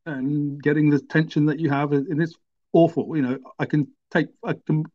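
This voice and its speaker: A man's voice: on the high side, fairly even intonation, normal speed. A middle-aged man who stutters, telling his story in a wry, self-deprecating way. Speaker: guest. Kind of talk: conversational storytelling. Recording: dull lo-fi sound.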